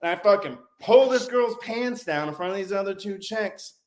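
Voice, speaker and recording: A man in his forties, a podcast guest and former Navy corpsman, telling stories in an animated, profane, casual way. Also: sits high, moderate pace, echoey room. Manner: animated, heavy swearing, acts out quotes. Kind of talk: casual storytelling.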